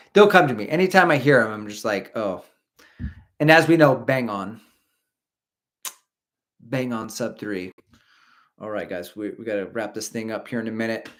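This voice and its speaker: A man's voice: medium pitch, fairly bright tone. A man in his forties hosting a live stream, chatting casually in a rambling way and reading out viewer comments. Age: 40s. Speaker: podcast host.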